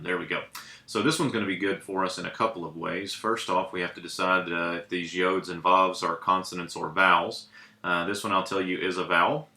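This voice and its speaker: Male teacher, low voice with a bright edge, halting and full of fillers, echoey room. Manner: hesitant, many ums and uhs while writing. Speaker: Hebrew teacher. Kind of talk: casual classroom lesson.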